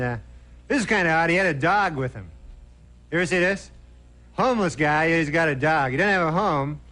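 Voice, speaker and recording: A man's voice: a little high, bright, forceful tone, slight background noise. A man doing a stand-up routine on a television studio stage, with a loose, rambling delivery full of "you know" and "uh". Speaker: stand-up comedian.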